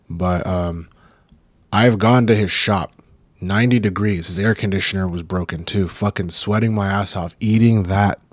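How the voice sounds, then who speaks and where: A man's voice: low-pitched, dry recording. A young man hosting his own podcast, rambling and profane in a laid-back, casual way. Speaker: podcast host. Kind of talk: casual solo podcast chat. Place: home recording room.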